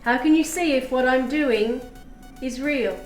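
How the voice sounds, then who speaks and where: A woman with a high voice gives a live tarot reading on stream at a measured pace. Chatty and warm, she reads the chat aloud and thanks viewers while explaining the cards. The room is echoey, with faint music.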